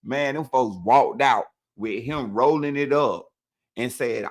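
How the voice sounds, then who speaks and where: A man telling his own prison story in a casual, animated way, dropping "man" after nearly every phrase. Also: medium pitch, a little slow.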